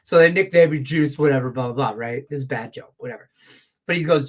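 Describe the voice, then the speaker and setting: A man's voice: mid-range voice, quick pace. A middle-aged man, a sports betting handicapper, talking bluntly and profanely in a rambling, casual way on a picks show.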